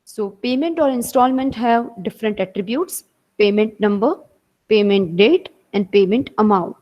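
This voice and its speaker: A woman's voice: mid-range voice, moderate pace, warm tone, low-quality recording. A woman teacher with an Indian English accent giving an online class lecture, explaining step by step and repeating her points.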